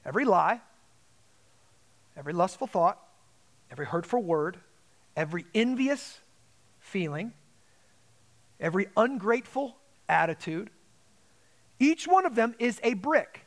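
A man's voice: high voice, sing-song, unhurried, pauses often. A man preaching a Sunday sermon as pastor, with dramatic emphasis and quoted asides.

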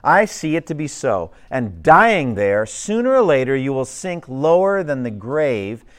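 A man's voice: medium pitch, very animated, a little slow. A man voicing an earnest male pilgrim who pleads with his neighbors in old-fashioned, fervent speech. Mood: pleading.

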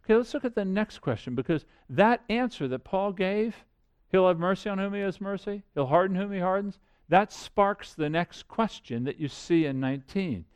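A man preaching a sermon, animated, asking rhetorical questions and swinging between loud and quiet. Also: sits high, normal speed, clean tone. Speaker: pastor.

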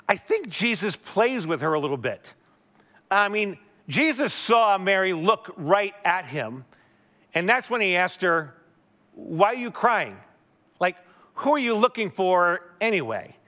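Male pastor, high and bright voice, chatty sermon with lively asides. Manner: animated storytelling, asks the listener questions. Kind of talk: conversational sermon.

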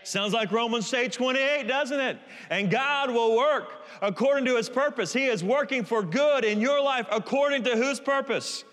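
A preacher with an extremely high voice speaks at normal speed with few pauses and a fairly bright tone. Preaching emphatically in a large, reverberant church hall, he repeatedly asks the congregation to call the words back.

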